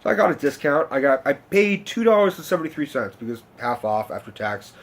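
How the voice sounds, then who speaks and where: This young man's medium-pitched voice has a sing-song lilt and moves a little fast. Addressing his vlog audience, he rambles through a personal story, cursing liberally and interrupting himself.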